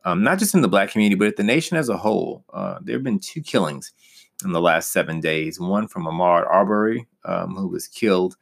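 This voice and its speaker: Deep-voiced earnest young male pastor. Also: expressive, a little fast, gravelly. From United States. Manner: earnest and personal, rising with emphasis. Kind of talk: pastoral Bible teaching.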